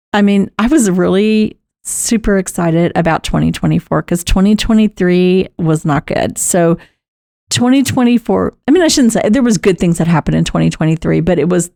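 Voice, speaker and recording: A middle-aged woman, telling a personal caregiving story in a chatty, animated way, laughing often. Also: lowish voice, gravelly, dry recording, studio quality. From Texas. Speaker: podcast host and caregiver.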